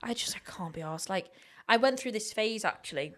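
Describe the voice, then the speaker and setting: A woman's voice: mid-range voice, expressive, brisk. A young English woman co-hosting a podcast, telling chatty, self-mocking stories. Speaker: podcast co-host. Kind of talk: casual chat.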